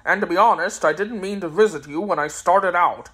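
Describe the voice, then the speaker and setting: A woman's voice: fairly low pitch, a little fast, a bit bright, breathy edge. A woman voicing a cheerful, boastful little old wizard who works at a circus, talking in a jaunty, breezy way.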